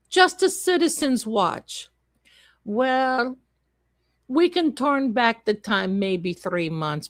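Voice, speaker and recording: A woman's voice: on the high side, no room sound. A woman voicing a greedy woman fortune teller who runs a scam, with wheedling sales patter and broken grammar. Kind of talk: comic improvised role-play.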